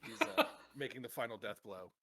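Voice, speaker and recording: A man's voice: medium pitch, fairly quick, sharp tone. A man playing a tabletop game, rambling with lots of fillers and laughs. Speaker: player. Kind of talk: casual tabletop role-play.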